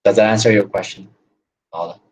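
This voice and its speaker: A man's voice: fairly low pitch, steady tone, fairly quick, darkish tone, breathy edge, dull audio. A man teaching English in an online class, explaining at length and tagging his points with "right?" and "you know".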